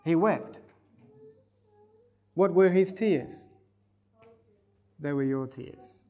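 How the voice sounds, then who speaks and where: A man preaching a sermon. He reads passages aloud and comments on them, with big swings in loudness. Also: on the high side. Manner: slow, emphatic delivery with big swings in loudness. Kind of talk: sermon reading and commenting on scripture.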